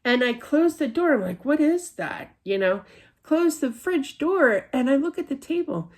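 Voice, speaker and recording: A woman's voice: high-pitched, expressive, moderate pace. A middle-aged woman giving a casual spiritual reading, chatty and rambling, full of fillers and restarts. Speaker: psychic reader.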